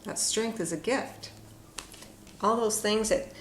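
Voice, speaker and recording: A woman giving a casual, reflective spoken tarot reading with frequent fillers and soft asides. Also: medium pitch, takes it slowly. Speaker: tarot card reader. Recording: echoey room with faint noise.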